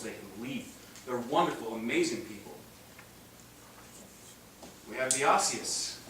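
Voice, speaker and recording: Male seminar speaker, animated and joking, far from the mic in a very echoey room with noise. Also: medium pitch. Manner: animated, joking, acts out voices with laughs. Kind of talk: live seminar talk. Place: large room with live audience.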